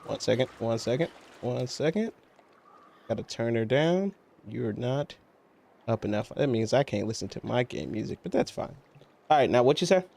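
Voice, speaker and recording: Gravelly-voiced man teasing a friend. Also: mid-range voice, expressive, moderate pace, a little mellow. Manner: teasing, profane, laughs often. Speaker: game streamer. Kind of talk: casual gaming chat.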